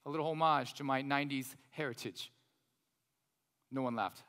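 A man in his thirties preaching a sermon as pastor, animated, with joking asides to the congregation. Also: mid-range voice, normal speed, clear, resonant tone. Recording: reverberant hall.

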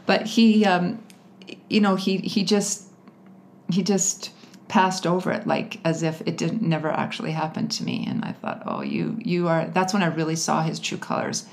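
A woman candidly telling her personal story as an interview guest, laughing often and animated as she retells it. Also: fairly low pitch, moderate pace, vocal fry.

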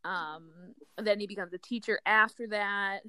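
Smooth-voiced woman hosting a chat. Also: mid-range voice, normal speed, sharp tone, no room sound. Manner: chatty, giggly, many fillers. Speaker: podcast host. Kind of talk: casual chat, telling a hymn's history.

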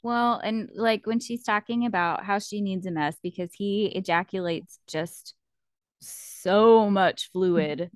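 Woman, casual book-chat co-host, animated retelling, dry close sound. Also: mid-range voice, takes it slowly, clean tone, no room sound. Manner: chatty, animated retelling, laughs often, many "like" fillers.

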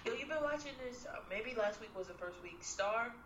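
A woman co-host chats casually in a laid-back, slangy way. Her pitch moves a lot and her tone is bright. Faint room ambience sits behind her. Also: lively intonation, a little fast, roomy sound, muffled recording, slight background noise. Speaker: podcast co-host. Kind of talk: casual chat.

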